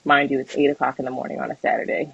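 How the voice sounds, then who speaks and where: A young woman co-hosting a podcast, telling a personal story in a casual, animated way, acting out the voices of others and laughing often. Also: very deep voice, racing, vocal fry, husky, no echo, muffled recording. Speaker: podcast co-host.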